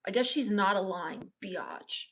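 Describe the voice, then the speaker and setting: A woman playing a sullen, bitter teenage goth girl in live-stream character comedy, mopey, deadpan and scornful as she reads the chat. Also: mid-range voice, measured pace, natural voice. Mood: sulky.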